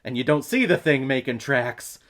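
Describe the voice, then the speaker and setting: Chatty male movie reviewer, lively and playful, casual vlog delivery. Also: medium pitch, normal speed. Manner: jokey, chatty, with fillers.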